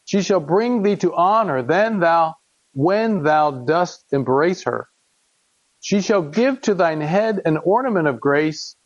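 A man's voice: on the high side, animated, slow pace, no room sound. A male preacher with a slightly raised voice who moves from reading scripture to talking it over with his congregation. The recording is dry and somewhat dull. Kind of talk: Bible teaching.

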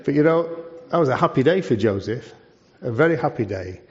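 A man's voice: medium pitch, animated, fairly quick. A man, a charity leader giving a preaching talk to a church, conversational and full of rhetorical questions. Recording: dull lo-fi sound.

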